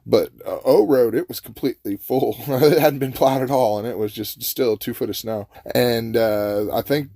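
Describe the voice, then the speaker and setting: A man's voice: mid-range voice, moderate pace, few pauses, no room sound, studio quality. A man hosting a podcast, telling a personal story casually and with animation, acting out the lines of the people in it. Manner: animated, acts out his own and others' lines. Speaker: podcast host.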